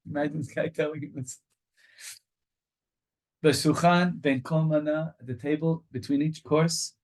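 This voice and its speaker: A male rabbi giving a Torah study lecture, reading passages in Hebrew and rendering each one in English as he goes. He tells the story with animation, repeating phrases for emphasis and often restarting his sentences. His voice sits at an ordinary middle pitch for a man. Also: a little mellow. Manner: reads Hebrew lines aloud, then translates them into English. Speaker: rabbi teaching a study group.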